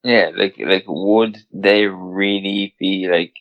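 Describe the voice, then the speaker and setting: A man's voice: deep voice, slow, muffled recording. A man co-hosting a casual podcast chat, laughing often as he relays news stories. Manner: laughs often, relaxed telling of news items. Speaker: podcast co-host.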